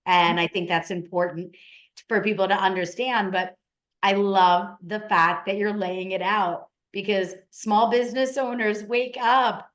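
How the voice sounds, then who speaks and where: A woman's voice: medium pitch, fairly even intonation, unhurried. Emphatic woman interview host. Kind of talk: casual interview talk.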